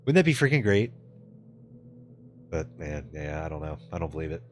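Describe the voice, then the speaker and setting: A man's voice: a bass voice, very animated, normal speed, slight background noise. A man live-streaming in casual chat, answering his viewers with loose, profane jokes and frequent laughter.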